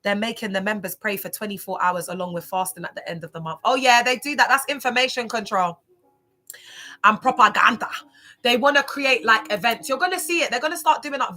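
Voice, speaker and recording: A woman chatting casually on a livestream, animated and chatty, reacting to viewer comments. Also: on the high side, brisk.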